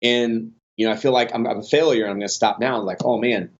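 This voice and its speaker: A man's voice: mid-range voice, quick pace. A man telling his business stories on a podcast, loose and rambling, often backing up and restarting his sentences. His voice sits in a middling range. The recording sounds a bit dull and lo-fi. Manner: rambling, many restarts and fillers, animated in stories. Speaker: podcast guest, online business owner. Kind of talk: casual conversational storytelling.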